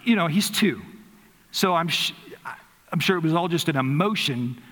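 A man preaching a sermon as a pastor, telling a personal story earnestly, dropping softly into reflective moments. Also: on the high side, animated, moderate pace. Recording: long hall reverb.

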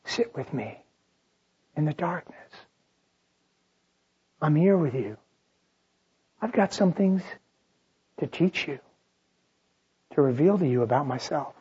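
A preacher voicing God as a gentle, calm father, speaking softly and slowly on a dull lo-fi recording. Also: mid-range voice, slightly rough, pitched below the performer's own voice, exaggerated voice. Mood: tender, hushed. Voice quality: soft and hushed. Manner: slow, comforting invitation.

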